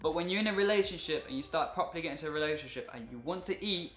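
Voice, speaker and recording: A man's voice: on the high side, rapid-fire, fairly bright tone. A young man from England with an English accent, hosting a casual, jokey chat. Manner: chatty and jokey, with playful put-on quotes. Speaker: host. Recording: echoey room.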